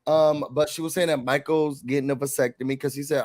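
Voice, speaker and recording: A man co-hosting a casual TV recap show, animated, acting out quotes in a raised voice. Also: on the high side, quick pace, few pauses.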